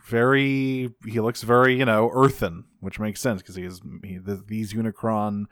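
Man, podcast co-host, casual chat, swears, smooth resonant voice, dry close sound. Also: on the low side, moderate pace, dry recording. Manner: casual, profane, excitable.

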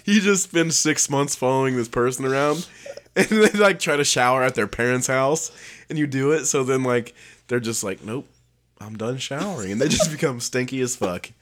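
A man's voice: mid-range voice, expressive, moderate pace, a bit bright. A young man co-hosting a podcast, talking in a laid-back casual way and swearing freely. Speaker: podcast co-host. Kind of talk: casual chat.

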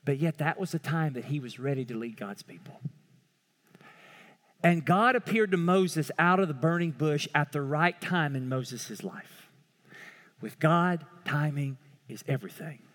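High-voiced preacher in a reverberant hall. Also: male voice, unhurried. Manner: impassioned preaching, swings from loud pleading to hushed. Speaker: pastor. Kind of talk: sermon.

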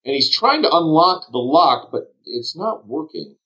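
A man narrating as game master in a tabletop role-play game, rambling and pausing to search for words. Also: a little high, sing-song, bright, forceful tone, breathy edge. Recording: dull lo-fi sound.

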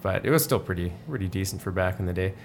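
A man co-hosting a sports podcast in a relaxed, rambling chat with many fillers. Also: low-pitched, quick pace, creaky. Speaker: podcast host. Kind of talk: casual chat.

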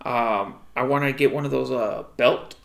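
A man's voice: medium pitch, normal speed, vocal fry. A young man, chatting casually and acting out stories with lots of slang. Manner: animated storytelling, slangy, acts out quotes. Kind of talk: casual chat. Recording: echoey room.

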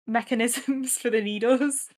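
A woman co-hosting a casual chat, giggling often and filling pauses with ums. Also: fairly high pitch, fairly even intonation, a little mellow. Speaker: podcast co-host.

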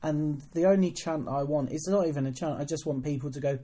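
She speaks fairly quickly in a low, mellow voice, co-hosting a wrestling podcast from a hotel room. As a wrestling promoter, she keeps the casual chat dry, rambling and self-deprecating.

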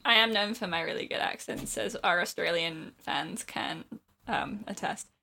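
A bright-voiced woman co-hosting a podcast, chatting casually and laughing often. She keeps joking with her co-hosts as they wrap up the episode. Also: fairly low pitch, normal speed, creaky, slight background noise. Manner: playful, laughing, jokey. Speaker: podcast co-host. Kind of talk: casual chat.

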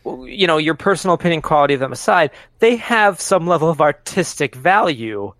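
A man with a somewhat high voice co-hosts a casual movie podcast. He is wry and jokey, laughing often. The recording is dry and close. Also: expressive, a little fast, a bit bright, no echo. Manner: joking, laughs a lot, wry. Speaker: podcast co-host. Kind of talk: casual film podcast chat.

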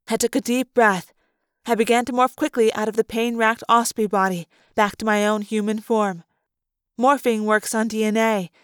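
A woman's voice: mid-range voice, no room sound, studio quality. Woman reading a novel aloud. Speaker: audiobook reader. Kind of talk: first-person novel narration.

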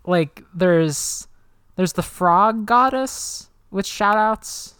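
A woman co-hosting a casual book chat, chatty and animated, laughing often. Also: medium pitch, drawn-out words, clear, resonant tone, no echo, studio quality. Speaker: podcast co-host.

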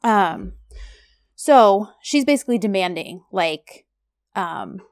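A chatty woman co-hosting a podcast, her talk rambling from one point to the next with lots of ums and likes. Her voice sits at an ordinary middle pitch. The recording is close and dry, with no room sound. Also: animated, takes it slowly, no echo. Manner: rambling and chatty, with frequent fillers. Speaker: podcast co-host. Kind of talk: casual chat.

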